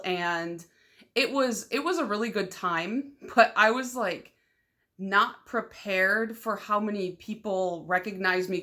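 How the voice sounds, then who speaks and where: A young Michigan woman with a medium-pitched voice chats casually in her nail polish vlog. She's excitable and loud, rambles, leans heavily on "like," and laughs a lot.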